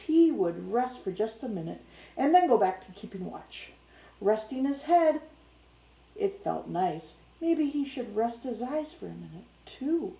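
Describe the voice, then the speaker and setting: A woman's voice: a little high, gravelly, dark tone, echoey room, poor audio. A young woman reading a children's picture book aloud, who keeps breaking off to chat playfully with her dog.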